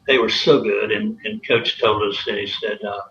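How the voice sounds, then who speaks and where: A man's voice: lowish voice, fairly even intonation, normal speed, a bit bright. A man, a former college athlete, telling anecdotes in a rambling way with many fillers and chuckles. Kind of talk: casual storytelling interview. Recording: roomy, slightly dull, faint hiss.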